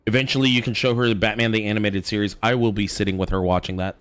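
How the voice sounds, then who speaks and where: A man's voice: fairly low pitch, steady tone, racing, a bit bright, clear, resonant tone, dry recording, faint music behind. A young adult man hosting a game stream, chatting casually in a laid-back way and swearing freely as he reacts to the game. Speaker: streamer host. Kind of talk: casual chat while gaming.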